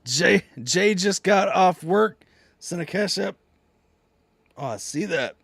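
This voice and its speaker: A man hosting a live music reaction stream, hoarse and nearly voiceless, chatting casually with his viewers and reading out their messages. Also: high-pitched, lively intonation, slow pace, fairly bright tone, no room sound, clean studio sound. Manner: chatty, talks straight to viewers, reading out chat.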